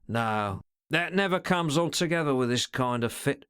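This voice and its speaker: A man voicing a sly, stealthy male secretary in a storybook, with slangy, sneering, drawn-out remarks. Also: mid-range voice, expressive, fairly bright tone, clear, resonant tone, close to an everyday voice. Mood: scornful.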